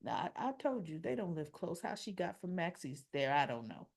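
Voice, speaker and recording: A woman's voice: on the low side, big pitch swings, normal speed, gravelly, breathy edge. A woman giving a casual soap opera episode recap, chatty and opinionated, acting out the characters' lines as she goes.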